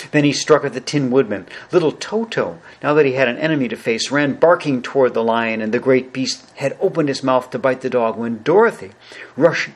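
A pastor reads a storybook passage as a studio version of his sermon, narrating at an unhurried pace. His voice is husky and breathy, at an ordinary middle pitch. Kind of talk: sermon reading a children's story.

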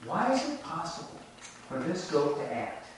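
A man's voice: a little high, big pitch swings, noisy background. A man preaching a reflective sermon, telling a folk tale and drawing lessons from it, recorded from a distance. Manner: reflective, measured storytelling. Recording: echoey room from a distant mic.

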